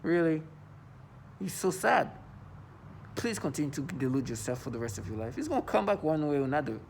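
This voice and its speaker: A man's voice: a little high, very animated, brisk, gravelly, a little hiss or hum. A man talking to the camera in an agitated monologue, often stammering and repeating words. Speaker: vlogger.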